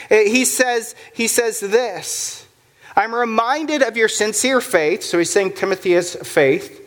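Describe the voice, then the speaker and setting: A man preaching a sermon as pastor, earnest, often repeating words as he presses a point, and dropping low and soft when he tells a personal story.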